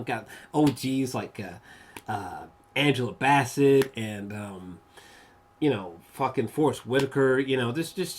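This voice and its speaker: A man of middle pitch talking through a film review in a loose, rambling way. He swears freely, leans on fillers and restarts, and breaks into excited gushing at times. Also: husky. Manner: rambling and profane, heavy with fillers; excitable, gushing bursts of enthusiasm. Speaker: movie reviewer. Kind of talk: casual spoken film review.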